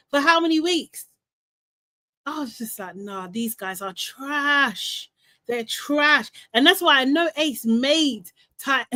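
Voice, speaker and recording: This is a young woman doing a casual live recap, with a voice that sits a bit on the high side. She talks fast and opinionated, breaks into laughs and plays other people's lines back, and the recording is dry and close. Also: no room sound. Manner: animated and opinionated, mimics people in quotes, laughs often. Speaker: host recapping a reality show.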